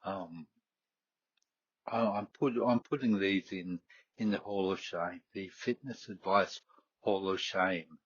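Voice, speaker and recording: Middle-aged Aussie host from Queensland, low husky voice, chatty and halting, muffled close mic. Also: dry recording. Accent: Queensland Australian. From Queensland, Australia. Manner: rambling, hesitant, many fillers and restarts. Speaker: fitness podcast host. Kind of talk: casual solo talk.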